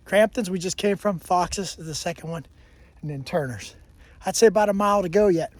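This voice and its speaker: Guy with a high voice vlogging outside on a hike, rambly history talk, restarts a lot. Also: a little fast, no room sound. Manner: rambling, self-correcting storyteller. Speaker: hiking vlogger. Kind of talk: casual walking history talk. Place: outdoors on a mountain trail.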